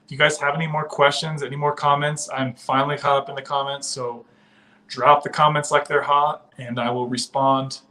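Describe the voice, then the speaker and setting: A man hosting a casual livestream, reading and answering viewer comments in a relaxed, chatty way with plenty of filler words. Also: medium pitch, normal speed, a little hiss or hum. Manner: relaxed, chatty, many 'uh' fillers, addresses viewers as guys and my friend. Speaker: livestream host.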